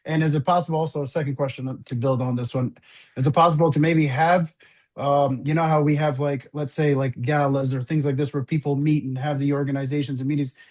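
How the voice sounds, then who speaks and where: A man's voice: fairly high pitch, fairly even intonation, a little fast, darkish tone. A man hosting a casual podcast interview, asking long, rambling questions with many fillers like "like" and "um". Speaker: podcast host.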